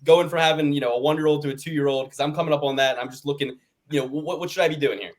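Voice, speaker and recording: Male podcast host, quick and a bit high-voiced, rambling and chatty. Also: fairly even intonation. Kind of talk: casual interview chat.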